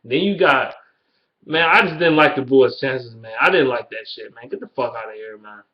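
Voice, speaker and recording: A man's voice: mid-range voice, moderate pace. A young man in his early twenties with a Detroit accent, ranting bluntly and swearing constantly in a casual video. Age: early 20s. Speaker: YouTuber. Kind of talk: profane casual rant. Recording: dull lo-fi webcam audio.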